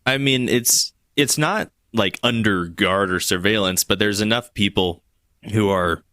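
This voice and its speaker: A man narrating as game master of a tabletop game, in a halting way with many restarts. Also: on the low side, pushed and bright, dry recording, studio quality.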